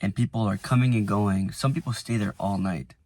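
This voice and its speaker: A man's voice: lowish voice, fairly even intonation, brisk, no echo. Rambling young man vlogging from his car. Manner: rambling, lots of "like" and restarts, softens when emotional. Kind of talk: casual reflective vlog. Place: inside a parked car.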